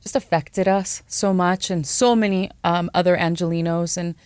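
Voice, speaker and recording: A woman co-host speaks sincerely in a somewhat low voice, pausing with ums as she talks. The sound is dry and close. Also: fairly even intonation, darkish tone, clean tone, dry recording. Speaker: podcast co-host. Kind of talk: casual podcast talk.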